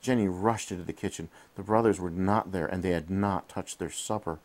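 A man reading a bedtime story to his child while in bed, gently asking questions along the way, recorded on a head-mounted camera. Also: low voice, fairly quick. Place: in bed at home.

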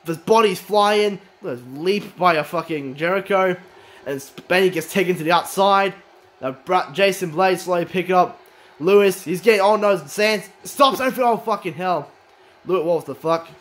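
A man with a high-pitched voice calls a wrestling game match move by move. He is excitable and swears freely, with his voice rising into shouts whenever a big move lands. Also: normal speed. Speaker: commentator.

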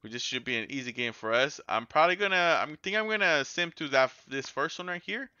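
A man giving casual, excitable gameplay commentary as a gaming YouTuber, yelling and swearing when the game goes wrong. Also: fairly high pitch, a little fast, no echo, highs cut off.

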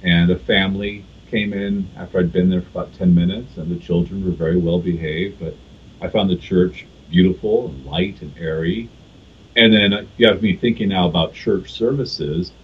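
Deep husky man, lo-fi sound. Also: steady tone. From California, USA. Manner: measured, thoughtful storytelling with fillers. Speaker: guest. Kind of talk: casual podcast interview.

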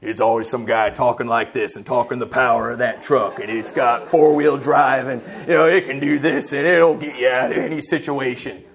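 A preacher doing a deep macho truck-ad announcer. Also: male voice, fairly even intonation, normal speed, creaky, hardly any pauses, natural voice. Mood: boastful. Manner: deep, boastful sales pitch.

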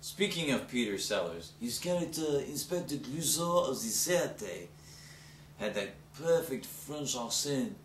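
A man's voice: mid-range voice, lively intonation, unhurried, far from the mic, slight background noise. A man, an actor, narrating his career in an upbeat, showman-like way. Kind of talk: self-promo narration. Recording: echoey room, off-mic.

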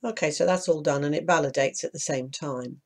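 Croaky tutorial voice. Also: mid-range voice, fairly quick, darkish tone. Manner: practical, explains step by step, mild asides of annoyance. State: croaky from hay fever. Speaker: self-publishing tutor. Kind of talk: screen-recorded tutorial walkthrough.

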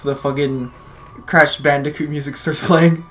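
A man hosting a let's play, giving casual gameplay commentary over a voice chat, with loud yelled reactions and lots of swearing. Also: on the high side, unhurried, music in the background. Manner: excitable, yelling reactions, heavy swearing. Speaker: let's play host and player.

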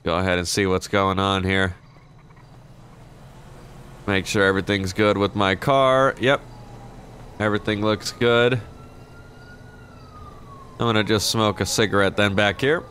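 A man's voice: lowish voice, steady tone, measured pace, long pauses, a bit bright, slight background noise. A young man playing a shop clerk in an online roleplay game, chatting casually, swearing now and then and drawling out his action emotes. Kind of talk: casual gameplay commentary and in-character chat.

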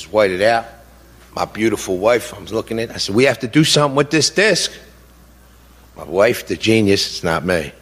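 A man's voice: lowish voice, a bit bright, slightly rough. A middle-aged man speaking as a grieving father in an impassioned public speech, indignant and repetitive, his voice rising with anger. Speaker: grieving father of a fallen soldier. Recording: long reverb of a large hall.

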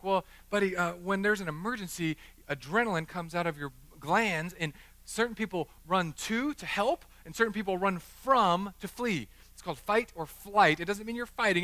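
Male pastor, middle-aged, animated storytelling sermon, high bright voice, dry close sound. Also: fairly quick, dry recording. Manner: animated, joking, acts out the people in his stories. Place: church chapel.

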